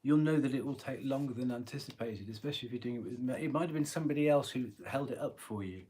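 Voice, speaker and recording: A man with a husky voice giving a live tarot reading, chatty and rambling, often clearing his throat. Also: medium pitch, fast talker, warm tone. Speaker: tarot reader.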